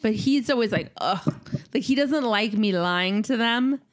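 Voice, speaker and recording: A woman in her thirties chatting casually as a podcast co-host, telling stories with animated delivery and a lot of swearing. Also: fairly high pitch, normal speed. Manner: animated storytelling, frequent swearing. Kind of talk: casual chat.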